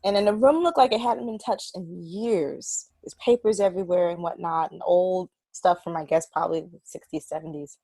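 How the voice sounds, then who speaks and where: A woman saxophonist talking as a guest in a casual interview, telling stories in an animated way and laughing often. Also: on the low side, normal speed, creaky, hardly any pauses, slightly rough, no room sound.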